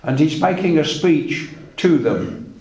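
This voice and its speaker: A man preaching a sermon, retelling scripture in a measured storytelling way and reading old verses aloud. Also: on the high side, very animated, darkish tone, echoey room.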